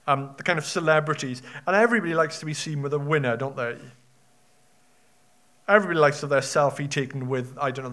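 A man's voice: fairly high pitch, a bit bright. A man preaching a sermon in a conversational way, often ending points with rhetorical tag questions.

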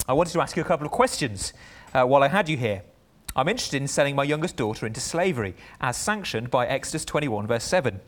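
A man's voice: medium pitch, lively intonation, fast, lightly acted. A man reading out the lines of a sarcastic male president who lectures a critic with mock-earnest questions.

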